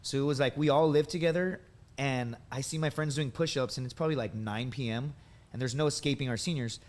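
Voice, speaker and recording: A man in his thirties from the United States spins long, rambling stories, padding them with likes and dudes. His voice sits at a middling pitch and has an easy, conversational flow. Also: brisk. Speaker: podcast guest, veteran and comedian. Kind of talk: casual storytelling.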